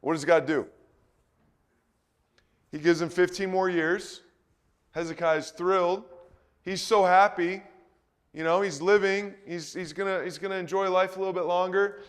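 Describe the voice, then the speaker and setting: Man teaching the Bible, slightly high voice. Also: fairly even intonation, moderate pace, long pauses, clear, resonant tone. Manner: informal, asides, keeps checking "okay?".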